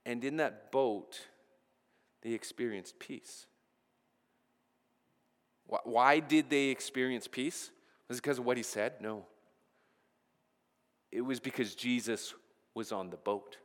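A man's voice: medium pitch, slow, long pauses, in a large hall. A pastor preaching a sermon, earnest, often repeating the first word of a phrase as he goes.

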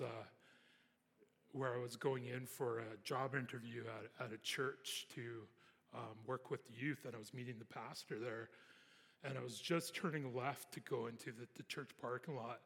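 A man's voice: mid-range voice, gravelly, fairly bright tone, big-room sound. A young man, telling a personal faith story in a rambling, casual way full of fillers and restarts. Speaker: storyteller sharing a personal testimony.

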